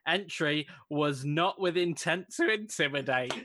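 Bright-voiced man reading a story, amused. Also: a little high, animated, unhurried, a little hiss or hum. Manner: amused, laughing between lines, narrating the story. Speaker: podcast co-host. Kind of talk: casual comedic chat, reading out a news story.

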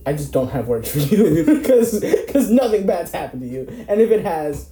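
A man's voice: fairly high pitch, very animated, moderate pace, warm tone. A man in casual discussion, talking in a rambling way, with many fillers and restarts and some swearing. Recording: echoey room with faint background noise.

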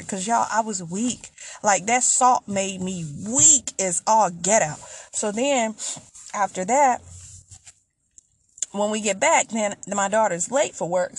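A woman's voice: on the high side, slightly rough. A middle-aged woman hosting a podcast, chatty and exasperated as she tells a story straight to her listeners. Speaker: podcast host. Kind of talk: casual storytelling monologue.

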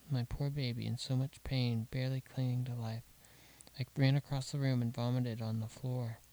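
A man reading a horror story aloud, slow and deliberate, dropping to a hush at grim details. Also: mid-range voice, creaky, poor audio. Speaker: narrator. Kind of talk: scripted horror story narration.

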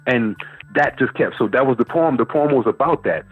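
Husky man, phone-line storyteller. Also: mid-range voice, fairly quick. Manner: animated storyteller, repeats words while searching. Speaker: guest poet. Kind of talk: storytelling interview. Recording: phone-line interview with faint music.

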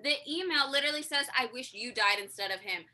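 Excitable woman podcast co-host. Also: high-pitched, fast, a crowd in the background. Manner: profane, dramatic retelling. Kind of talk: casual movie chat.

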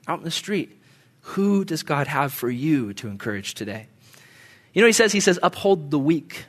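A young man preaching a sermon, telling stories from his own life and acting out his frustrated outbursts in a high, strained voice. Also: a bit bright.

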